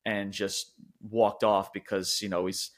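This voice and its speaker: A man co-hosting a podcast, giving an animated, rambling review in casual chat with frequent restarts. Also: on the low side, measured pace. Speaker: wrestling podcast co-host.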